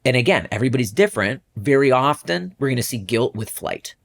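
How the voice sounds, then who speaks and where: A man's voice: mid-range voice, animated, quick pace, gravelly. A man hosting a podcast as a coach, explaining patterns step by step and often checking in with "right?". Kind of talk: coaching conversation.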